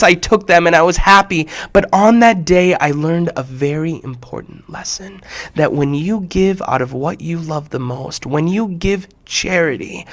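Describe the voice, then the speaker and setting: A man telling a personal story to children in an expressive way, acting out the voices and dropping to a hush at times. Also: high voice. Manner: expressive, acts out quotes, shifts between loud and hushed. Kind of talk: animated personal storytelling for kids.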